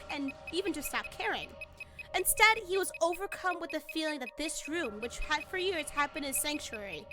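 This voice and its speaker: High-voiced excitable young woman streamer. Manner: animated, excitable, breaks into sudden shrieks and laughter; swears casually, chats with viewers. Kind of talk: reading a visual novel aloud while chatting on stream. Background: game music.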